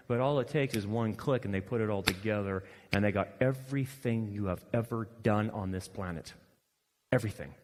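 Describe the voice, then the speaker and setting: A male pastor preaching a sermon, animated and swinging between loud emphasis and quiet asides. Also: lowish voice, brisk, big-room sound. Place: church hall.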